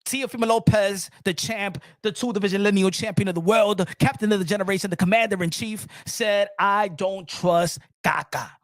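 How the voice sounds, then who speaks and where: Here a male boxing commentator talks animatedly to his viewers on his own, emphatic and repetitive, posing questions to the chat and answering them himself. His voice sits high with a steady tone, moving a little fast with hardly any pauses, and the recording is dry with no room sound.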